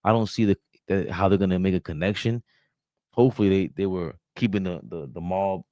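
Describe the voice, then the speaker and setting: A man doing sports reaction commentary in a low voice. He reads from a report, then breaks into animated, mocking asides. The sound is dry and close, with no room echo. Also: fairly quick. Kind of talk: reaction commentary, reading and riffing.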